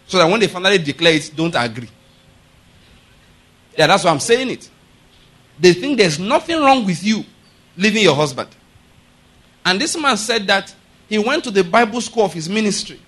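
A male pastor preaching a sermon, emphatic and repeatedly asking the congregation if they follow him, building to loud, forceful declarations. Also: high-pitched, sing-song, normal speed, pauses often.

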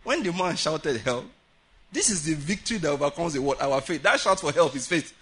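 A man preaching a sermon at a prayer meeting, animated, often laughing and acting out the voices he quotes. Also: a little high, brisk, slight background noise.

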